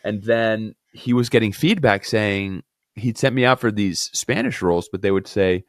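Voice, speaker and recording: A man's voice: on the low side, normal speed, no room sound, clean studio sound. A man from Miami, an actor guest, telling anecdotes in a casual interview and acting out the dialogue. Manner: animated anecdotes, acts out dialogue.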